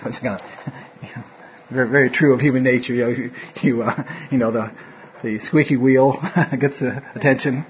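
A man's voice: medium pitch, steady tone, brisk, slight background noise. A man teaching an informal Bible study, rambling and correcting himself as he goes, with an occasional chuckle. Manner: rambling, self-interrupting, chuckles often. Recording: dull lo-fi room recording.

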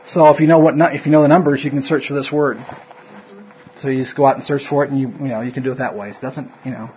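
A man with a medium-pitched, fairly evenly inflected voice talks fast while leading an informal Bible study, rambling, interrupting himself to correct what he said, and chuckling often. The room recording is dull and lo-fi, with a little hiss or hum.

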